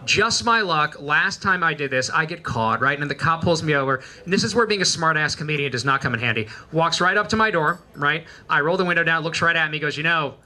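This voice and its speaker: A man from Israel performing stand-up, firing off jokes in short, punchy lines. His voice sits high and sounds very bright and sharp. The pace is quick. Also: animated. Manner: quick punchy joke delivery. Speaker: stand-up comedian. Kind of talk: stand-up routine.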